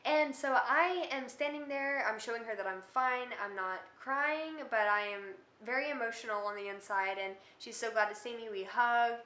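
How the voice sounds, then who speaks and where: A woman's voice: fairly high pitch, moderate pace, hardly any pauses, sharp tone. A young adult woman telling a casual storytime vlog, chatty and rambling with lots of filler words. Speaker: vlogger. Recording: echoey room.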